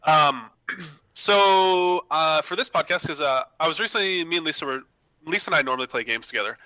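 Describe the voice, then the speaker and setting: A man's voice: fairly high pitch, brisk, sharp tone, no room sound, low-quality recording. A man co-hosting a casual gaming podcast, joking around, swearing freely and telling stories. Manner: joking, swears freely, mimics pop-up voices. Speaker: podcast co-host.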